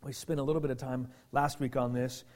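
A man's voice: mid-range voice, steady tone, fairly quick. Emphatic male pastor preaching. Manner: emphatic, swings from loud bursts to near-whispers; restarts and repeats words often. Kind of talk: sermon.

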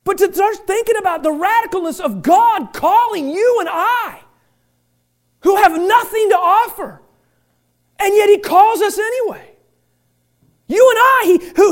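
A middle-aged man preaching a sermon to his congregation in church. He speaks with passion, often shouting, and stumbles through restarts with self-deprecating humor. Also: very high voice. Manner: impassioned, repeatedly shouting. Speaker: pastor.

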